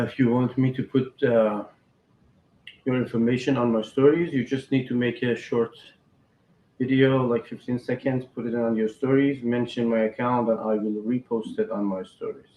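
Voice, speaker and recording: A man's voice: medium pitch, fairly even intonation, moderate pace. Man hosting a live stream. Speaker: host. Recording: echoey, muffled stream audio.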